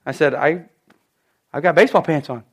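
High-voiced man preaching a sermon. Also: a little fast. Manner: storytelling, emphatic and personal.

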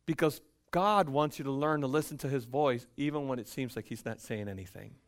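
A man preaching a sermon as pastor, acting out conversations, swinging between loud emphatic lines and hushed quiet ones, at a church pulpit. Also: mid-range voice, a little fast. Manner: acts out dialogue with God and Paul.

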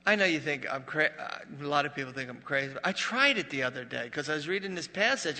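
A man preaching a sermon as pastor, a joking, conversational storyteller who drops to a hush for dramatic moments. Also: a little high, expressive, fast talker, hardly any pauses, in a large hall.

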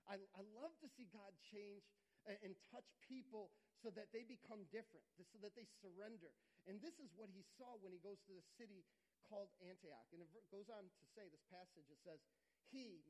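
A male pastor with a notably high voice delivers a sermon in an earnest, conversational way. He is middle-aged and often stumbles and restarts mid-phrase. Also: a little mellow, poor audio.

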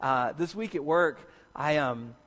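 A pastor delivers a sermon, animatedly telling a personal story and acting out how he reacted. His voice is fairly high and fairly bright, his pace unhurried, and a hall's long reverb surrounds the recording.

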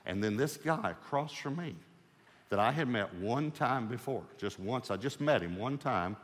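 A male preacher giving a sermon testimony as a lively storyteller who acts out his own dialogue with the Lord. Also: mid-range voice, normal speed, long reverb tail.

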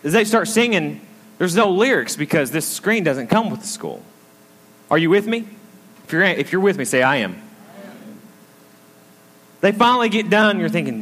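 A man's voice: sits high, very animated, normal speed, pauses often, fairly bright tone. A man preaching a conversational sermon, telling a story and drawing the congregation in with frequent asides. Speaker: pastor. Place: school auditorium used as a church. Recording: long hall reverb.

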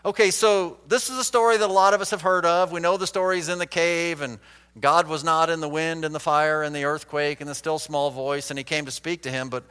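Dramatic preacher in a reverberant hall. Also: male voice, fairly even intonation, a little fast, sharp tone, clean tone. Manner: dramatic, acts out quoted lines with big swings in pitch and volume. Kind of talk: expository Bible sermon.

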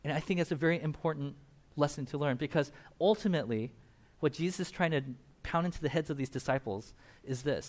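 Brief: male pastor, slightly higher voice, loose conversational sermon delivery with asides. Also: fairly quick. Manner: conversational, animated preaching with laughs and asides.

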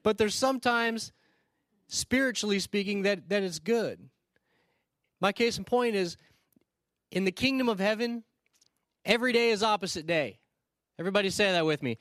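A male pastor preaching a sermon, telling stories in a conversational way with quick asides and restarts. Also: high-pitched, fairly bright tone, dry recording, studio quality. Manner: storytelling, conversational with quick asides and repeated starts.

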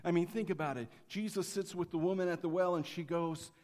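A pastor preaches a sermon in a fairly high voice. He drops to near-whispers at some points and rises to emphatic calls at others. A long reverb rings around him, like a large church hall. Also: fairly even intonation, fairly quick. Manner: dynamic, swinging from quiet to emphatic.

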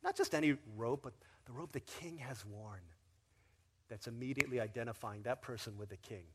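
A male pastor preaching a sermon in a lively, casual storytelling manner with slang. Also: medium pitch, brisk, background noise.

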